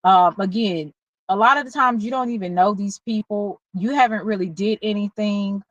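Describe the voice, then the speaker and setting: A woman with a Southern US accent, talking candidly and haltingly in a personal vlog, at times close to tears. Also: mid-range voice, no room sound, lo-fi sound. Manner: slow, candid, halting, with many pauses and fillers. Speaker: vlogger. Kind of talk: emotional personal vlog talk.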